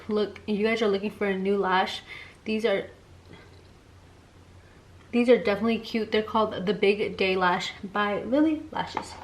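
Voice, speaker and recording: With a medium-pitched voice over background noise, a woman in her twenties chats through a storytime and makeup vlog as a beauty vlogger. She's slangy and chatty, leaning on "like" and "um" and dropping in Spanish phrases. The room echoes, and there's loud household clatter.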